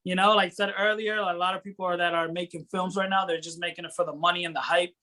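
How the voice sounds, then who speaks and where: Man, from Rhode Island, interview guest, high voice, enthusiastic, rambling. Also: flat delivery, fast, pushed and bright. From Rhode Island, USA. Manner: enthusiastic, rambling, searches for words. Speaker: guest actor and filmmaker. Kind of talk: casual interview chat.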